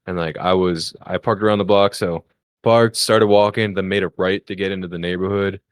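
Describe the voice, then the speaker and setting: A man's voice: fairly even intonation, a little fast, clear, resonant tone, dry recording. A man co-hosting a comedy podcast who tells casual stories and acts out the people in them. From Philadelphia area. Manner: chatty, acts out the people in his stories in a higher voice. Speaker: podcast co-host.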